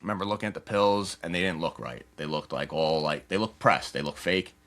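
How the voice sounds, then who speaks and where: Fast-talking low-voiced young man. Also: animated, a bit bright. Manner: rapid, loose storytelling full of "like" and acted-out quotes. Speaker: podcast guest. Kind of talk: candid personal storytelling.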